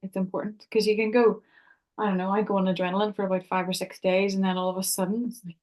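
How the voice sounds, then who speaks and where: A woman's voice: medium pitch, little pitch movement, quick pace, darkish tone. A woman hosting a podcast, asking her guest questions in a casual, conversational way with small fillers. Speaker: podcast host. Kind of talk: casual interview.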